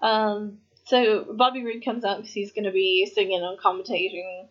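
A woman's voice: mid-range voice, flat delivery, normal speed. Woman, casual chat, hesitant, giggly, dull recording. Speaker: podcast co-host. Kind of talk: casual wrestling recap chat.

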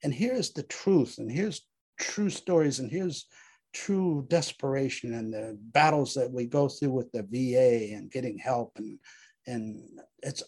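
A man reading a stage play aloud, then talking about it in an earnest, halting way. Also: mid-range voice, darkish tone, breathy edge. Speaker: reader of a play. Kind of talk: dramatic reading with commentary.

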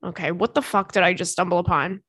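A woman's voice: fairly low pitch, fairly even intonation, a bit bright, breathy edge, dry recording, studio quality. A woman in her thirties hosting a podcast, chatting candidly with frequent swearing and reading out listener letters. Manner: candid, swears freely, quick asides. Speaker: podcast host.

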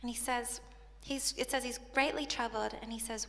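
A woman's voice: a little high, moderate pace, vocal fry, pushed and bright. A woman from South Africa preaching a sermon and reading scripture aloud, with emotion that brings her close to tears. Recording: long hall reverb.

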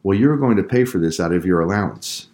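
A strict father lays down the law in a firm, lecturing tone, as a man puts him on. The voice sits very low, close to the reader's own, in a storybook reading. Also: animated, fairly quick, darkish tone. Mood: stern. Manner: stern, lecturing. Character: stern father, strict and angry.

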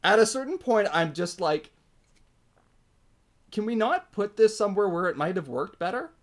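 A man's voice: sits high, moderate pace. A man co-hosting a podcast, talking casually and with strong opinions, using lots of fillers. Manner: opinionated, animated, frequent fillers. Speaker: podcast co-host. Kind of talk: casual hockey chat.

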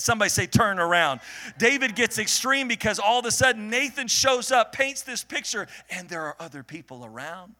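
A man preaching a sermon to a congregation, joking with the crowd and swinging from low murmurs to shouted peaks. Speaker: pastor. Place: church hall before a congregation.

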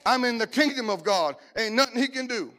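A middle-aged male preacher delivers his sermon in a loose, lively way, slipping in jokes and stories as he goes. His voice sits notably high for a man. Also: a little fast. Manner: lively, joking storytelling preacher style.

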